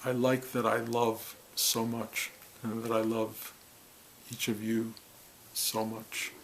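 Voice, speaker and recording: A man speaking as a spiritual teacher to a gathering, earnest and heartfelt, in short halting phrases. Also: fairly low pitch, little pitch movement, a bit bright, a little hiss or hum, rough recording. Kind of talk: reflective spiritual talk to a gathering.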